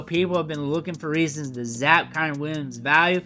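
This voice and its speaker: A man's voice: on the high side, brisk, pushed and bright, faint music behind. A man giving a casual, opinionated fantasy football draft breakdown, repeating his points emphatically.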